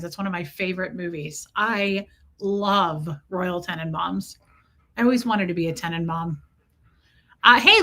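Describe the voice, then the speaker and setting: A woman hosting a casual livestream, chatty and joking, who greets her viewers by name; her voice is slightly hoarse. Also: mid-range voice, sharp tone. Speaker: livestream host.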